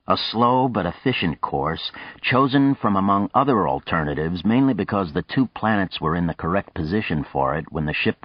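A man narrating a novel in an audiobook with a measured, even storytelling manner and a muffled, dull sound. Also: sits low, no room sound. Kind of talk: scripted narration.

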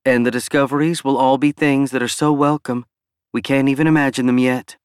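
A man's voice: mid-range voice, steady tone, a little fast, clear, resonant tone, no room sound, clean studio sound, pitched above the performer's own voice, natural voice. A man voicing a cheerful, hopeful woman traveler, matter-of-fact and upbeat.

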